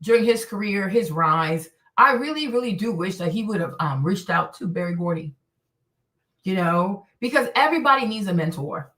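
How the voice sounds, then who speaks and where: A woman hosting her own stream, talking in an animated, blunt way with plenty of profanity and repetition. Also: medium pitch, normal speed. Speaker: show host. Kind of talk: livestream commentary rant. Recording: echoey room, distant from mic.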